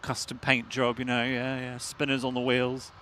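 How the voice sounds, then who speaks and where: A bantering man co-hosts a live outdoor stream, trading jokes and thanking viewers. His voice is bright and forceful at a middle pitch. Faint outdoor noise hums behind him. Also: monotone, normal speed. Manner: jokey, banters and laughs. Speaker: livestream co-host. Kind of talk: casual live commentary. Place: outdoors by an airport runway.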